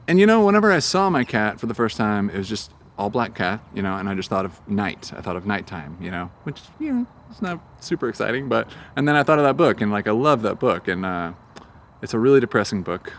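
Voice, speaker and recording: A young musician chats in a casual outdoor interview on a park greenway, his voice sitting fairly low. He rambles easily, loose and unhurried, filling gaps with ums and uhs. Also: vocal fry, fairly bright tone, slight background noise. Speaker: singer-songwriter guest.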